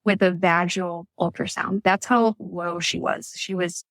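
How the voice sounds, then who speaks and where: A woman in her thirties telling her birth story as a podcast guest, lively and quick to act out what people said. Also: on the low side, no echo. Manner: animated storytelling, acts out quotes.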